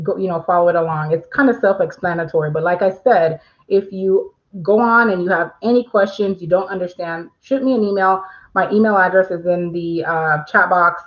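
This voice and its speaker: A woman's voice: fairly low pitch, lo-fi sound. Chatty woman hosting a livestream. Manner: chatty, reads viewer questions aloud, frequent fillers. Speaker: livestream host. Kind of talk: casual livestream explainer.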